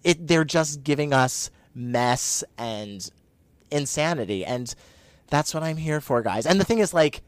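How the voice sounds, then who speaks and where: A man co-hosting a podcast in casual chat, talking in an excitable, gushing way with quick asides, a little out of breath from the heat. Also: a little high, smooth, no room sound. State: hot and short of breath. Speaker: podcast co-host.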